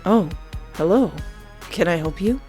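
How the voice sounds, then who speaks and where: A woman's voice: fairly low pitch, animated, a little slow, warm tone, soft background music. A woman voicing a sarcastic young Irish man at a party, doing an Irish accent with a wry, teasing way of talking. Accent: Irish (put on).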